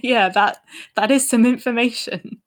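Speaking a little slowly in a slightly high voice, a woman co-hosts a podcast. The chat is casual, and she keeps giggling and laughing as she talks.

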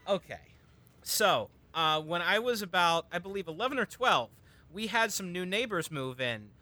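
Bright-voiced man telling a rambling story. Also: high-pitched, lively intonation, moderate pace. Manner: rambling, with restarts and ums. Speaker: storyteller in a podcast chat. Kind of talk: casual storytelling chat.

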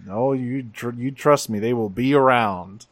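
A man's voice: mid-range voice, measured pace, no room sound, clean studio sound. A man co-hosting a podcast, recapping an episode in casual, profane, wry chat. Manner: laid-back, profane, wry. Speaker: podcast co-host.

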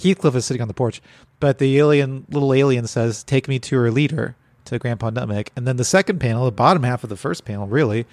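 A man's voice: mid-range voice, quick pace, a little mellow, no room sound. A man co-hosting a casual podcast chat, laughing often and stumbling through descriptions of comic strips. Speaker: podcast co-host.

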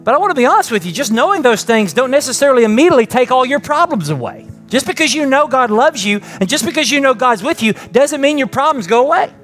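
This middle-aged pastor's voice is extremely high and sing-song; he talks fast with few pauses while faint music plays behind him. Preaching in church to a live congregation and an online audience, he asks rhetorical questions and builds to emphatic peaks before winding down into a soft, prayerful close.

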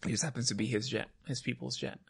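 A man hosting a loose podcast conversation in a middle-pitched voice with some gravel in it. He teases his guest and says dude all the time. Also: fairly even intonation, fast, fairly bright tone. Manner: teasing, says dude constantly, jumps into high mocking voices. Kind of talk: casual chat.

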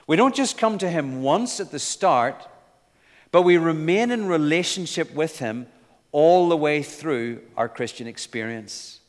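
A man's voice: a little high, lively intonation, unhurried, long reverb tail. A man preaching a sermon in an earnest, emphatic way, with light asides.

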